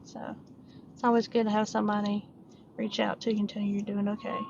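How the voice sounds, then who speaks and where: A middle-aged Southern woman from upstate South Carolina rambles on in a casual vlog, full of ums and restarts. Her voice sits at an ordinary pitch and is picked up by a mic set some way off. The recording is dull and lo-fi, with clear noise underneath. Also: level tone, fast talker, a little mellow. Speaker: diamond painting vlogger. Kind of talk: casual chat while crafting. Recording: distant mic, muffled lo-fi sound, background noise.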